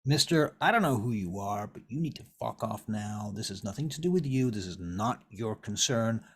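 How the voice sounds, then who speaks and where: A man's voice: lowish voice, animated, normal speed, breathy edge. A man voicing a pleading, pushy ex-boyfriend, whiny and stammering. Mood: aggressive.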